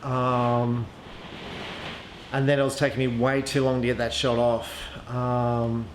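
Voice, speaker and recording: A man's voice: medium pitch, monotone, slow pace. A man casually reviewing archery gear, thinking aloud with frequent ums and restarts. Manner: chatty, hesitant, lots of ums and restarts. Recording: echoey room with faint ambient noise.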